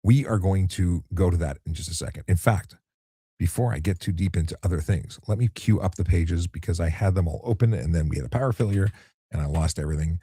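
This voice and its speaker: A man, a traffic cop, hosting a relaxed late-night live chat and answering viewer questions in an easygoing way, often repeating words as he restarts. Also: low voice, fairly quick, husky, no echo. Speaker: traffic cop and livestream host.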